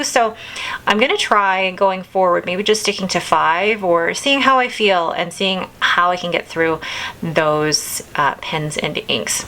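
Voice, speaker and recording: A woman in her thirties hosts a casual video, chatting enthusiastically and rambling a little as she goes through her things. Her mid-range voice is bright and forceful, and the recording quality is low.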